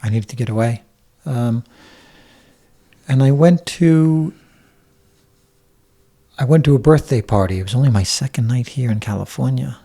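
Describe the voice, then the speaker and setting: A man's voice: medium pitch, normal speed, creaky, long pauses, mellow. A man from Staten Island, talking bluntly and candidly as a guest in a casual interview, with frequent swearing. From Staten Island, New York. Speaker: podcast guest.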